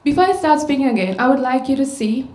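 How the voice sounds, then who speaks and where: Sri woman speaker, slightly high voice, storytelling in an echoey hall, rhetorical questions. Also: lively intonation, fast, darkish tone. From Sri Lanka. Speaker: conference speaker. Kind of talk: public talk. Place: large auditorium. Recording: echoey auditorium sound.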